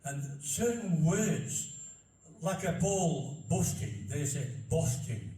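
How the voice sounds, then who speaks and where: A man's voice: fairly high pitch, lively intonation, slow pace, warm tone. Older Barnsley man telling local stories. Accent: Barnsley Yorkshire. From Barnsley, Yorkshire. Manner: folksy, anecdotal, repeats himself. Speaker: local speaker on dialect. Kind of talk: chatty talk to an audience. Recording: roomy hall from far off.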